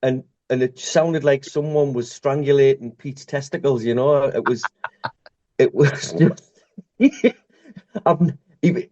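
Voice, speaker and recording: A man chatting on a podcast, halting and quick to laugh. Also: mid-range voice, mellow, muffled recording. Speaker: podcast co-host. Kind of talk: casual chat.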